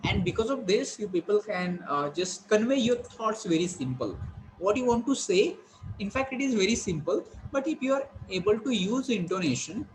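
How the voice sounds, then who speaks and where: A male lecturer teaching a class, explaining slowly with many fillers and restarts. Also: high-pitched, very animated, a little hiss or hum, poor audio. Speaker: college lecturer.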